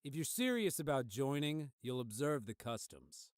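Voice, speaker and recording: A man's voice: medium pitch, sing-song, normal speed, no room sound, studio quality, natural voice. A man voicing a playful adult male character in a game, teasing and mock-pained. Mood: stern. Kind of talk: voiced game dialogue.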